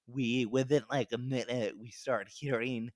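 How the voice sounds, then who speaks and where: This podcast guest is a young adult male comedian whose medium-pitched voice stays fairly even and runs a little slow. He rambles loosely through a story, cursing and breaking into laughter mid-sentence, captured in a dry recording.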